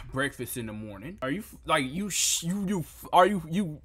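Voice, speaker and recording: A young man reviewing food photos in a comedic reaction rant, incredulous and profane, breaking into loud outbursts. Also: on the high side, sing-song, moderate pace, husky.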